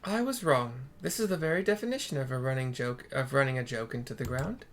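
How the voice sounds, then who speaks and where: A man voicing a small, quick-witted young woman with a put-on accent, talking excitedly. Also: a little hiss or hum, close to an everyday voice. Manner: excitable, fast, squeaky.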